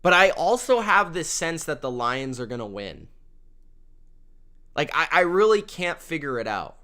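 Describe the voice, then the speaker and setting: A young man hosting a casual sports picks show, excitable and repeating himself for emphasis. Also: a little high, a little slow. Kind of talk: casual sports prediction talk.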